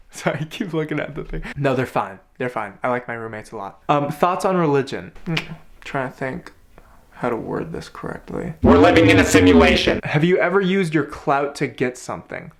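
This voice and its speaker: A young man, a college student answering viewer questions in a casual, self-deprecating Q&A vlog, often jumping into high silly voices. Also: animated, normal speed, gravelly, crowd noise. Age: young adult. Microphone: camera with viewfinder, self-filmed.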